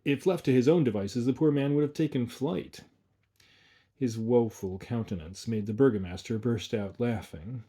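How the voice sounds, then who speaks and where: Brief: husky male narrator, measured storybook reading, mid pitch. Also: warm tone.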